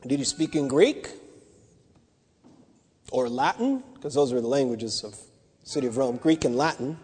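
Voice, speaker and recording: A man's voice: mid-range voice, animated, measured pace, darkish tone, husky. A man giving a teaching sermon in a loose, conversational way, with restarts and asides. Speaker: bible teacher. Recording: long hall reverb.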